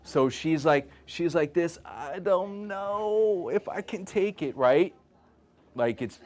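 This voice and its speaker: A man presenting at a wellness event, telling his stories with lively energy. His voice sits in a mid register, and he keeps checking in with the audience through a steady stream of "okay?". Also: mid-range voice. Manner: animated storyteller, frequent "okay?" check-ins. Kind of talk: live talk with stories.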